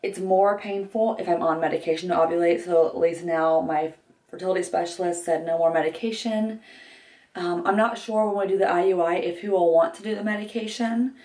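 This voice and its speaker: A woman's voice: fairly low pitch, steady tone, brisk, a little mellow, recorded from a distance. Chatty young woman in an echoey room. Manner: chatty, candid, many fillers and restarts. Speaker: vlogger. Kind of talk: get-ready-with-me vlog. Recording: echoey room, voice a bit off-mic.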